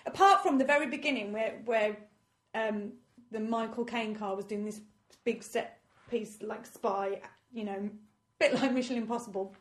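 Woman tripping over her words about a film, higher pitched voice. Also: normal speed. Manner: hesitant, losing her words. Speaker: podcast co-host. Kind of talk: casual film review chat.

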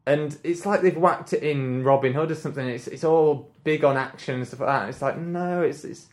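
A man's voice: on the high side, a little fast. A man hosting a casual film podcast, chatty and loose, swearing and trailing off mid-thought. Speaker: podcast host. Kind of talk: casual chat.

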